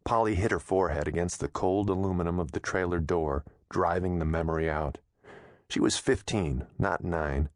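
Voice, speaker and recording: A man narrating an audiobook in a steady, measured storytelling manner, close to a studio mic. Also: low-pitched, no echo.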